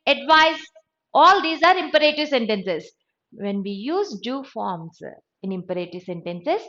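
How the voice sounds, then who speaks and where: A woman's voice: a little high, fairly bright tone, highs cut off. A woman teaching an English grammar lesson, explaining step by step and stressing each example sentence.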